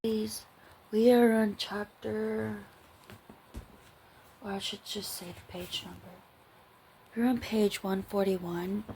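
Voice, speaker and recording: Tired woman rambling slowly. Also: mid-range voice, steady tone, vocal fry, a little mellow, a little hiss or hum. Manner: rambling, giggly, trails off and restarts. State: tired, late at night. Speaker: book vlogger. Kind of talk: casual book review chat.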